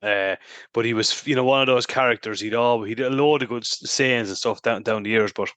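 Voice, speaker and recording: A man's voice: medium pitch, fairly quick, smooth, no echo. An Irish man hosting a podcast, chatting and telling funny stories, laughing often. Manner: laughs often, animated storyteller. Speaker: podcast host. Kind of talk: casual chat, storytelling.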